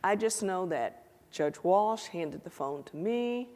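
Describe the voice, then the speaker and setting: A middle-aged woman, a guest on a stage interview before a live audience, telling an animated anecdote and acting out the dialogue. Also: on the low side, slow. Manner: animated anecdotal storytelling, acts out quoted dialogue. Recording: echoey hall.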